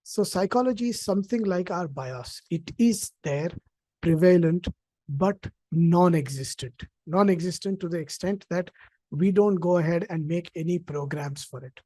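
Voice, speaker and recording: A man speaks over a video call in a slow, reflective way, often stopping on fillers and restarting his sentences. His voice is dark and mellow, and the sound is dry and close. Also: high voice, dry recording. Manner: hesitant, many fillers and restarts. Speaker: invited speaker at an online event. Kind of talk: reflective personal talk. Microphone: own computer mic on a video call.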